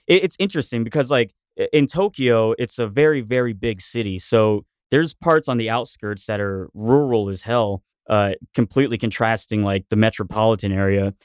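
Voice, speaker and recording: A man's voice: lowish voice, normal speed, few pauses, smooth, no room sound, studio quality. A man who is a podcast guest, telling a rambling story in casual chat.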